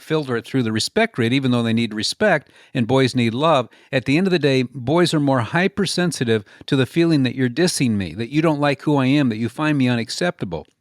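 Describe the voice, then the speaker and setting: A man's voice: mid-range voice, fairly quick, hardly any pauses, dry recording, clean studio sound. A man as an interview guest, an author and speaker explaining his ideas earnestly, often telling stories and repeating words as he builds a point. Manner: earnest, explains through stories and acted-out quotes. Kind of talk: conversational interview answers.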